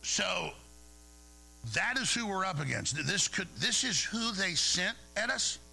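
A man's voice: high voice, lively intonation, unhurried, gravelly, bright, forceful tone, slightly rough, low-quality recording. A man hosting a talk radio show, speaking in a heated, rambling monologue that stumbles over repeated words.

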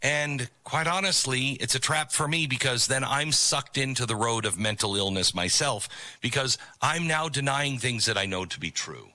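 Male commentary host, middle-aged, emphatic and preachy, bright ringing voice, dry close sound, animated pitch. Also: normal speed, no echo. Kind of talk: opinion commentary on a video clip.

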